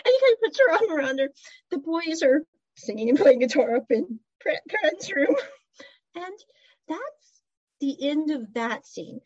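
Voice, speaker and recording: A woman's voice: high-pitched, a little mellow, no room sound, highs cut off. A woman chattily retelling a drama episode, with giggles and side comments. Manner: chatty storyteller, giggles, asides. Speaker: drama recap vlogger. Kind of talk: casual episode recap.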